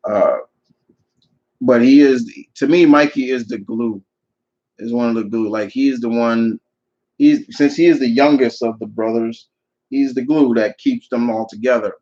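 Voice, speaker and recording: A man's voice: mid-range voice, measured pace, warm tone, highs cut off. A man hosting a live viewer Q&A, giving opinionated answers that ramble with frequent restarts. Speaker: channel host answering viewer questions. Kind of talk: live Q&A chat.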